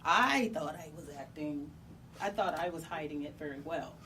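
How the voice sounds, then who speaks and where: A woman telling her own story in a halting, emotional way, with many pauses and restarts. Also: deep voice, sharp tone. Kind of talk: personal storytelling. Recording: distant mic with faint background noise.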